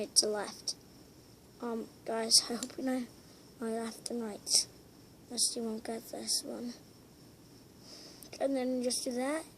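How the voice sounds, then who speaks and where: High-voiced woman rambling through a craft tutorial. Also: noisy background. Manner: rambling, hesitant step-by-step instructions with whispered asides. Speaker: tutorial maker.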